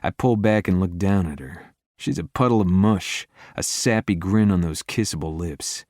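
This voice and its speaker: Male romance audiobook narrator, very low voice, intimate first-person read, dry booth. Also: moderate pace, darkish tone, dry recording.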